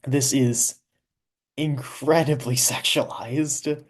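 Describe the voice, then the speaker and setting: A man's voice: mid-range voice, fairly even intonation, slow pace. A man giving casual commentary on his own story, chatty and amused, laughing often and explaining as he goes.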